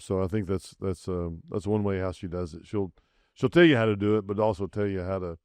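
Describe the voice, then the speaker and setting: A man with a Southern US accent hosts a casual podcast interview. His voice is smooth and clean, recorded dry and close, and he rambles through restarts before his sentences trail off. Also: sits low, fairly even intonation, a little fast, darkish tone, no room sound. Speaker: podcast host.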